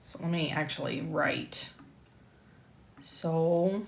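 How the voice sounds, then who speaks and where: A middle-aged woman with a light Southern US accent and a lowish voice reads lecture slides in a measured instructor's cadence. Between takes she drifts into casual, self-deprecating chat. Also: fairly even intonation, a bit bright. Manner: reads slides carefully, then chats with self-deprecating asides and laughter. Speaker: medical coding instructor. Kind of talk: recording a scripted lecture on a live stream.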